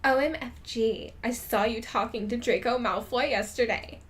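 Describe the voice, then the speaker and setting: A woman voicing an excitable teenage goth girl, loud and eager. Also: sits high, measured pace, voice pushed up. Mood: excited.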